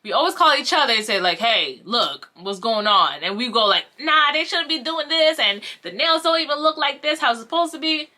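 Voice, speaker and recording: A young woman telling a casual storytime vlog, animated and acting out the voices of the people she quotes. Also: high voice, brisk, few pauses. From Haitian family. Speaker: vlogger.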